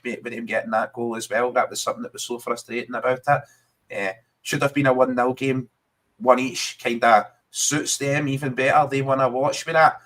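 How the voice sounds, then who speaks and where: A Scottish man talks football in a loose, chatty way, tossing in "mate" as he goes. His voice sits at an ordinary middle pitch. It suits a relaxed podcast chat between fans. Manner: chatty, keeps saying mate. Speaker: podcast co-host.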